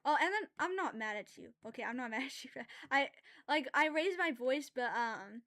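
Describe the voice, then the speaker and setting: High-voiced woman chatting on a drawing stream. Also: moderate pace, hardly any pauses. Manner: loud, animated ranting, then quiet and apologetic; chatty and self-aware, with filler words and laughs. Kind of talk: casual livestream chat while drawing.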